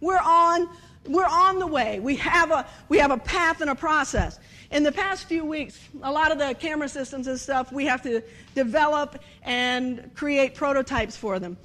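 A woman giving a humorous sermon, animated and storytelling, acting out bits of dialogue and laughing often. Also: sits high, moderate pace. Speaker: speaker at a church service.

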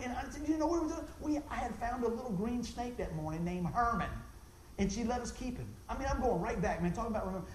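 A man giving an animated, folksy testimony for a ministry, repeating himself and exclaiming as he tells the story. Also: reverberant, a little hiss or hum, low-quality recording. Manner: voice jumps high when excited, exclaims.

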